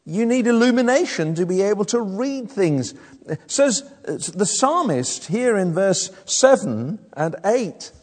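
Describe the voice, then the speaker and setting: A middle-aged man preaching a sermon, emphatic, moving between loud declarations and low, hushed lines. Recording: echoey hall from a distance.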